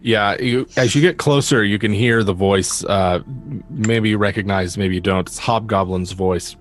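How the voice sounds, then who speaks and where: A male game master narrating a tabletop game, pausing often with fillers as he describes each scene. His voice is low, with faint music in the background.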